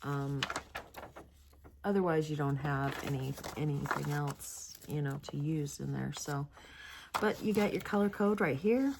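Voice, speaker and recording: A sleepy, yawning woman hosts a crafting video, talking in a loose, rambling way full of hesitations. Her voice sits low in pitch. Faint noise can be heard behind her. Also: measured pace, vocal fry. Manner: rambling and chatty, with frequent hesitations. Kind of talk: casual product review chat.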